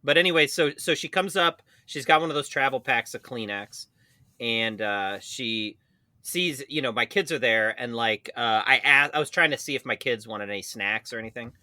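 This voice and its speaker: A man's voice: mid-range voice, normal speed, sharp tone, no echo, clean studio sound. A man in his thirties, co-hosting a casual podcast, telling a story with a lot of laughing and swearing. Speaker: podcast co-host.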